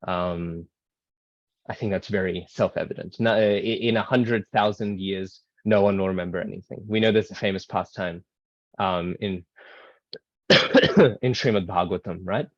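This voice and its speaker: A man with a fairly low voice teaches a scripture class over a video call, explaining points loosely with frequent fillers and "right?" checks. The sound is dull and dry, like call audio. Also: fairly even intonation, normal speed, dry recording. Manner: explanatory, many ums and rights, asides. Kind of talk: casual online class lecture.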